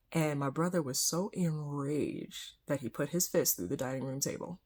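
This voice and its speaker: Young woman, low husky voice, candid conversational vlog storyteller. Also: unhurried. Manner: candid, conversational, frequent soft whispered asides. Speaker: vlogger. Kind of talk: personal storytime.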